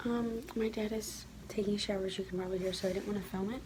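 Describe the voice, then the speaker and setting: A teenage girl filming a get-ready-with-me vlog, talking in a rushed, chatty way and often half-whispering. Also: steady tone. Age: teens. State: out of breath. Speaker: vlogger. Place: home, early morning. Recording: low audio with loud background noise.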